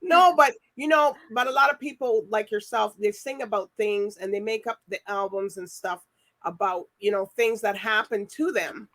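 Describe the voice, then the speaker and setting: A woman's voice: medium pitch, normal speed, a bit bright. A woman hosting a TV talk show, chatting with her guest and often repeating herself. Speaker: TV show host. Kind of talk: casual interview chat.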